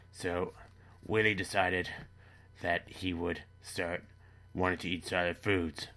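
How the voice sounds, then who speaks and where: Brief: deep-voiced man, rambling deadpan comic monologue, crisp bright tone. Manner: rambling, matter-of-fact, halting restarts. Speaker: comedy character monologue host. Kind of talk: deadpan dark comedy monologue.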